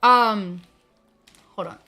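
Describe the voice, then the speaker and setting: A woman's voice: medium pitch, very slow, sharp tone, soft background music. Teary, gushing young woman streamer. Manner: tearful, gushing, many fillers. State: teary, on the verge of crying. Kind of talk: emotional casual chat to viewers.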